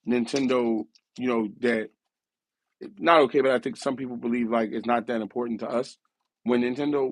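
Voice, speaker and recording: On his laid-back gaming talk show, the host thinks aloud in a rambling way, often correcting himself, his medium-pitched voice worn by a lingering cough that is costing him his voice. There's no echo.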